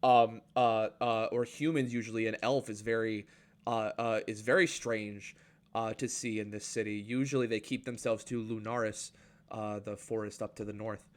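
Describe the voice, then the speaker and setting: A man narrating a tabletop game as game master, halting and filling his pauses with "uh" and "um". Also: lowish voice, flat delivery. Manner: halting, full of fillers and restarts.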